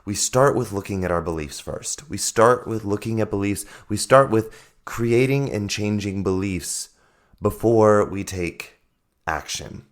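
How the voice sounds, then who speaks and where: A man hosting a solo podcast, hoarse from losing his voice, explaining ideas earnestly and repeating his points for emphasis. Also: fairly low pitch, measured pace. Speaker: podcast host and life coach.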